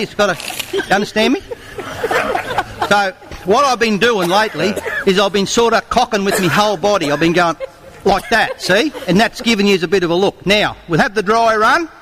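A man's voice: high-pitched, noisy background. An Australian man with a cheeky, bawdy manner, leading an audience sing-along with comic stage patter at a live venue. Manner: cheeky, bawdy banter with the crowd.

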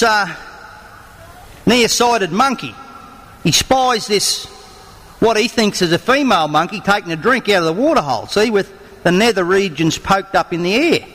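An Australian man tells yarns and jokes in a folksy, chatty, slow-building way. His voice sits high and sounds bright and forceful. A long reverb trails after him in a live venue. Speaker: songwriter and yarn-teller. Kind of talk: live storytelling and joke-telling.

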